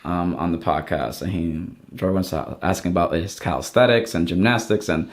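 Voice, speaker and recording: A man's voice: low-pitched, brisk. A young adult man, a podcast guest, chatting casually and rambling with many restarts. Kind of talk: casual chat.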